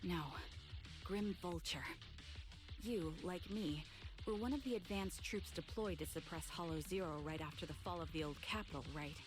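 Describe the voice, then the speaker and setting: An actress playing a reserved female sniper agent in a video game, with a measured, serious delivery. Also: lowish voice, over music, lightly acted. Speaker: game character.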